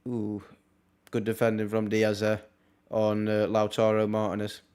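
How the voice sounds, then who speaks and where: A young man, casually commentating on a football match live for his stream, with wry asides and quick reactions. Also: lowish voice, monotone, darkish tone, clear, resonant tone. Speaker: watchalong streamer.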